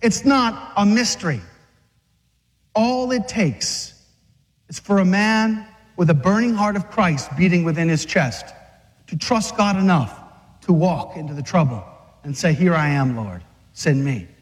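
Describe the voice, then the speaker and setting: A man's voice: high voice, lively intonation, a little slow, pauses often. A man preaching an urgent, fiery sermon to men, exhorting them and acting out scenes. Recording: long reverb of a large hall.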